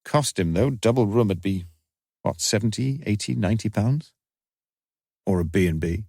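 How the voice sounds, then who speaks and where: A man's voice: on the low side, normal speed, vocal fry, dry recording, clean studio sound. A man voicing a polite, earnest police sergeant who speaks deferentially. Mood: musing. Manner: deferential, quiet.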